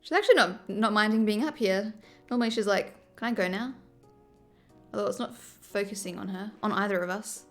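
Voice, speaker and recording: A woman chatting casually on a livestream, animated and quick to laugh. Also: medium pitch, faint music behind. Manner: chatty, giggly, animated storyteller.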